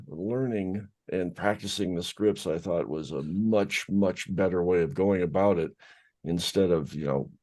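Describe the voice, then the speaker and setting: A man with a very deep, low voice chats casually on a video call, wandering through his story with lots of ums and restarts. He sounds like a regular co-host talking shop about voiceover work. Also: dark tone. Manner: rambling, filler-heavy storytelling. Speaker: podcast co-host, voice actor. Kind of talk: casual group chat.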